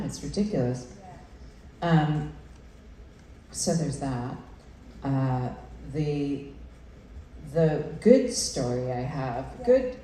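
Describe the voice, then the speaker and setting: A woman on a convention panel, speaking hesitantly with many pauses and fillers. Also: on the low side, dark tone, a little hiss or hum. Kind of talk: candid panel talk. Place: large convention room. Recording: echoey hall from far off.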